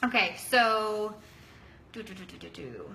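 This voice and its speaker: A woman in her thirties giving a chatty, energetic motivational coaching talk, acting out quotes in a higher voice. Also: measured pace, gravelly, echoey room, a little hiss or hum, rough recording. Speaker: wellness coach.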